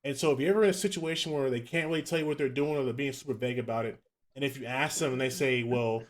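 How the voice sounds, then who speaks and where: A young man co-hosting a podcast, telling animated, profane stories in casual chat. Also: mid-range voice. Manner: profane, fast, animated storytelling. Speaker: podcast co-host.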